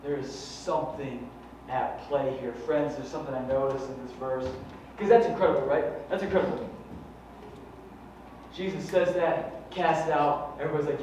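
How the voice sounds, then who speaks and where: A man's voice: on the high side, fairly even intonation, moderate pace, darkish tone. Fervent man preaching in echoey hall. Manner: fervent, conversational preaching with rhetorical questions. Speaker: pastor. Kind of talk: sermon. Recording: echoey hall from far off, dull and faintly noisy.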